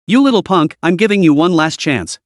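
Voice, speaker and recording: A man's voice: on the high side, animated, a little fast, no echo, clean studio sound, close to an everyday voice. A man playing a sneering bully boss. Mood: furious. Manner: shouting threats, sneering. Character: arrogant bullying male company boss.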